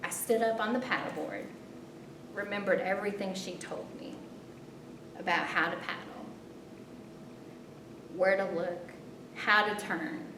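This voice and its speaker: A woman performing a spoken story, expressive, her voice jumping high in tense moments and softening when reflective. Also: a little slow, pauses often, noisy background. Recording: roomy, distant, rumbling background.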